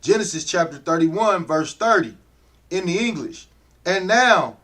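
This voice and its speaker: A man's voice: sits high, animated, fairly bright tone. A man in a class reading old-style English scripture aloud with care. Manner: careful, unhurried reading. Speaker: student reader.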